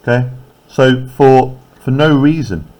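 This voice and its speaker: A man's voice: mid-range voice, takes it slowly, darkish tone. A man teaching a poetry lesson to a class. He talks in an explanatory way and keeps checking that the students are following. He taps out rhythms aloud as he goes.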